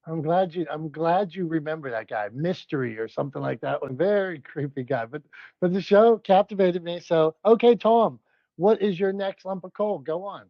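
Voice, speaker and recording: A man co-hosting a podcast in casual banter, leading the segments in a brisk, upbeat way. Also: on the high side, dry recording. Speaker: podcast co-host. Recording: dry, dull lo-fi sound.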